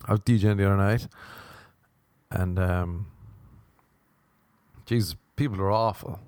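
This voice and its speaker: A young podcast host with a low, gravelly voice rambles through comic stories at a moderate pace, pausing often and swearing plenty. His tone is a little mellow with no echo, and he jumps between silly impressions.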